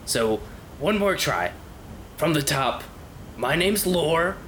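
A short-fused dwarf druid, played by a man, barks blunt, swearing demands, pitched a little higher and louder than plain talk. A faint low rumble runs underneath. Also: expressive, takes it slowly. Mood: threatening. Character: gruff, hot-tempered male dwarf druid.

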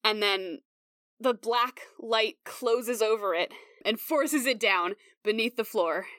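A young woman running a tabletop game as game master, narrating in an animated way, full of "like" fillers. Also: fairly high pitch, slow, no echo, clean studio sound. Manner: animated, lots of "like" fillers, breaks into character voices.

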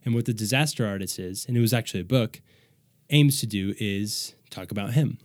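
A young man hosting a podcast, chatting casually and rambling with quick restarts. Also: on the low side, no echo, studio quality. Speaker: podcast host.

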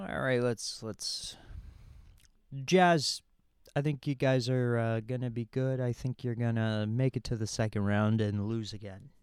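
A man's voice: medium pitch, clean tone, no room sound, studio quality. A man hosting a podcast in casual chat, rambling and self-mocking, with many restarts and stammered repeats. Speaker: podcast host.

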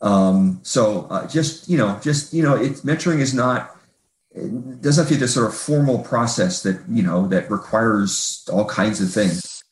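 A man's voice: fairly low pitch, expressive, unhurried. A man asking a question in a casual group conversation, thoughtful and rambling, with many restarts. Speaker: audience member asking a question. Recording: roomy echo.

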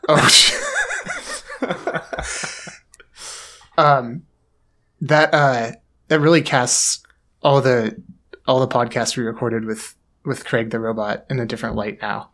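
A man with a middle-pitched voice, chatting casually on a podcast. He talks in an easygoing way and makes wry remarks. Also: fairly even intonation, unhurried, a bit bright. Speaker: podcast co-host. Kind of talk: casual chat.

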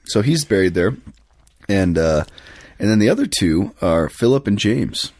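A man's voice: lowish voice, big pitch swings, a little slow, darkish tone, no echo, studio quality. A man who is a priest, chatting casually on a podcast and telling rambling stories with plenty of fillers and self-corrections.

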